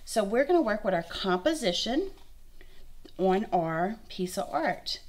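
A woman's voice: mid-range voice, very animated, a little slow. A young woman, an art instructor giving a friendly, encouraging lesson and thinking aloud as she works. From Louisiana. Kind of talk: kids' art lesson demonstration.

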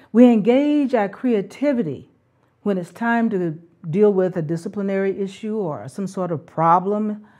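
A middle-aged woman speaking about parenting as a spiritual calling. She talks unhurriedly, her voice dark and mellow. Her tone stays earnest and reflective, with the odd soft laugh. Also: mid-range voice, dull audio. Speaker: parenting talk host.

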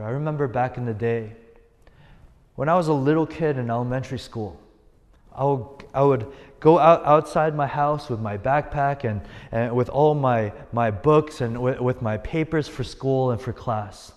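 A man's voice: medium pitch, a little mellow. A man preaching as a youth pastor, telling stories earnestly and driving points home with repetition. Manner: earnest storytelling with emphatic repetition. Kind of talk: sermon. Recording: long hall reverb.

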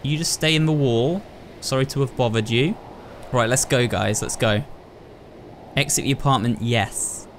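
This gaming YouTuber is a young man narrating his run through a horror game, chatting to viewers and reasoning out loud. He speaks in a mid-range voice at a normal pace. The game's creepy ambience is clearly audible, and there's some background noise.

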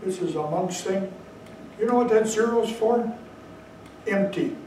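A man giving a dharma talk as a Zen teacher, telling stories with slow emphatic asides, recorded far from the mic in a very echoey hall. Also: high-pitched, a little mellow, slight background noise. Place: meditation hall.

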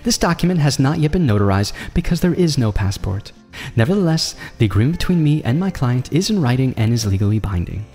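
A man voicing a young woman lawyer with a brisk, formal, businesslike manner. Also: mid-range voice, big pitch swings, dark tone, big-room sound, faint music behind.

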